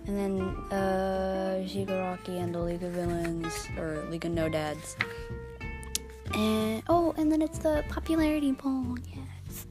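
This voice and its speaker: A woman's voice: medium pitch, little pitch movement, a little slow. A young woman casually rambling through a manga review with lots of fillers and giggles. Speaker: vlogger. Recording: guitar music playing behind voice.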